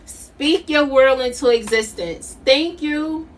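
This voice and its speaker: A woman's voice: high-pitched, slow pace, recorded from a distance, a little hiss or hum. A middle-aged woman doing a live tarot reading, emphatic and repetitive, laughing often. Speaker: intuitive tarot reader.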